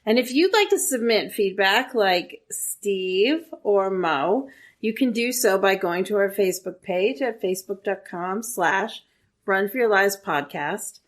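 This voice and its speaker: A woman's voice: mid-range voice, unhurried. A woman co-hosting a podcast, reading out the show's contact details and asking for reviews. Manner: clear, steady read of contact details. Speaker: podcast co-host. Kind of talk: podcast outro announcements.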